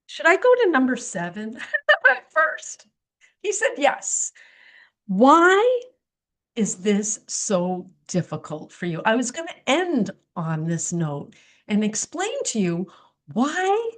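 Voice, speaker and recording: Slow, preachy woman with lively pitch. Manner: preachy, lecturing with rhetorical questions; teasing, chuckles at own remarks. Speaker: podcast host. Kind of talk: religious commentary monologue.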